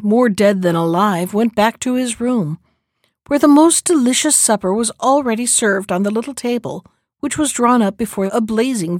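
A woman's voice: mid-range voice, darkish tone, no echo, studio quality. Woman reading a fairy tale aloud. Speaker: narrator. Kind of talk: storybook reading.

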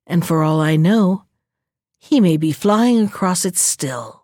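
Female narrator for a fable: measured, gentle, dry studio sound. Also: fairly low pitch, lively intonation, dry recording. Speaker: storyteller. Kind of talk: fairy tale reading.

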